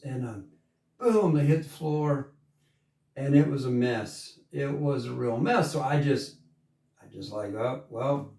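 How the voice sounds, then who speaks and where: A man from coastal Georgia, USA, with a medium-pitched, darkish voice, tells an easygoing, folksy story before moving into a country song. A singer and storyteller, he's recorded from a distance in a roomy space with guitar music behind him.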